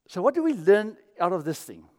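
A man's voice: high-pitched, big pitch swings, fairly quick, big-room sound. A man from Africa, preaching a sermon as pastor and telling stories. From South Africa. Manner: storytelling, acts out quoted voices.

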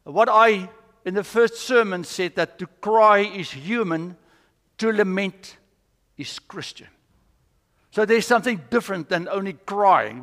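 A man's voice: sits high, a bit bright. A man preaching a sermon in a church, earnest and telling stories as he teaches. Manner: earnest, storytelling. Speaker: pastor. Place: church sanctuary. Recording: long church reverb.

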